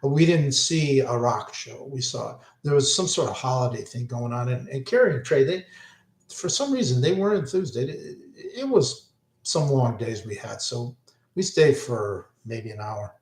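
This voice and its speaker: A man's voice: mid-range voice, expressive, normal speed. An older man, rambling through concert memories in a casual monologue, often breaking off mid-sentence. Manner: rambling, self-interrupting, enthusiastic. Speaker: vlogger recalling concerts. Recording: echoey room.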